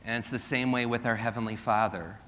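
A man's voice: on the low side, fairly even intonation, a little fast, fairly bright tone, a little hiss or hum. A middle-aged man, a pastor, preaching a sermon with self-deprecating humor and rhetorical questions to the congregation. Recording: long hall reverb.

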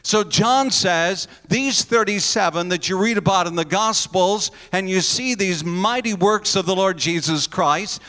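A man's voice: sits high, measured pace, few pauses, pushed and bright, clean tone, long reverb tail. A pastor preaching a sermon to his congregation, earnest and emphatic, leaning on repeated phrases.

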